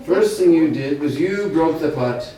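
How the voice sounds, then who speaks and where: A man's voice: a little high, animated, moderate pace, mellow, a little hiss or hum, natural voice. A man voicing a stern but loving mother scolding her son, recorded from far off in an echoey hall.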